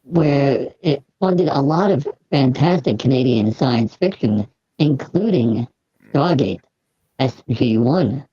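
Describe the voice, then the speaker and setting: A person doing a robot guest who loves science fiction and talks in an earnest, measured way. The voice is mellow and husky, on a dull, lo-fi recording. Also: medium pitch, expressive, dry recording. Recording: dull lo-fi audio.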